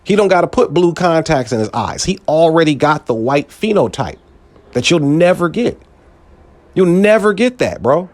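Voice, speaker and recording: A man talks through a loose, profanity-laced podcast rant and jumps his pitch up and down. His delivery is lively and full of swings. The sound is dry and close, with no room around it. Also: dry recording. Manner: animated, swings pitch up for emphasis, profane street slang. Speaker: podcast host. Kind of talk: casual monologue commentary.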